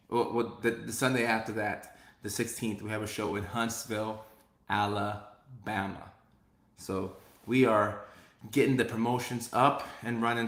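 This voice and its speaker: A man's voice: fairly low pitch, fairly bright tone, echoey room. A man hosting a casual live stream as a comedian, reading viewer comments aloud in an upbeat way and repeating his phrases.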